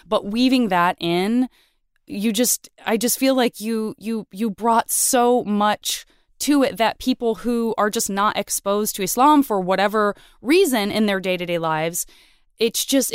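Podcast host, woman, effusive and emotional, smooth tone, dry mic. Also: medium pitch, dry recording. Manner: gushing, emotional, lots of "like" fillers. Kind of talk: casual interview chat.

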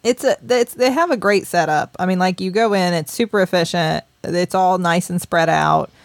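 A woman's voice: lowish voice, moderate pace, gravelly, dry recording. A woman, co-hosting a podcast as a casual chat, telling a story with lots of laughs and acted-out quotes. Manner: animated storyteller, laughs often, acts out quotes. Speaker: podcast co-host.

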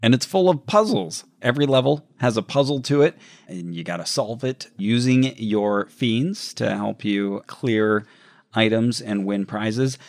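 A man's voice: lowish voice, no room sound. A man co-hosting a podcast, joking in casual chat and sometimes speeding up. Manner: animated, jokey, sometimes rushed. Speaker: podcast co-host.

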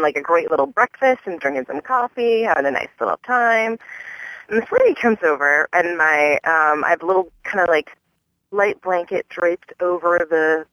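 A woman's voice: fairly bright tone, no room sound, rough recording. A young woman from the US East Coast leaving a voicemail, telling an exasperated story about a stranger and her baby. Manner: exasperated, acts out the stranger in a high mocking voice. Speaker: caller leaving a voicemail rant.

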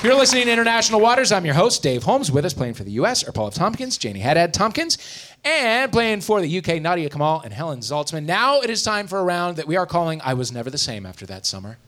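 A man's voice: on the high side, fast. A man hosting a live comedy game show, playful and laughing as he runs the rounds. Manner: lively, laughing, playful emcee. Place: live venue before an audience.

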